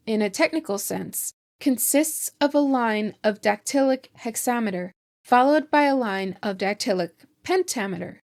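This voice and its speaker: A woman hosting a language channel, reading a scripted lesson in a measured, precise way. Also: mid-range voice, a little mellow. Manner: measured, precise explanatory delivery. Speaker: etymology channel host. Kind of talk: scripted educational narration.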